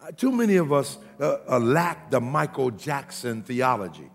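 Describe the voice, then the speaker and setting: A man preaching a sermon in a church, often shouting and building rhythmic repeated lines, with a gravelly voice. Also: mid-range voice, sing-song, normal speed. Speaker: pastor. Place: church sanctuary. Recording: long reverb of a large hall.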